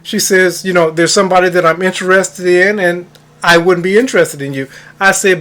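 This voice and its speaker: A man's voice: sits high, steady tone, a little fast, fairly bright tone. A man who coaches on manifestation, telling a story in a casual monologue, stressing words for emphasis and addressing listeners as guys.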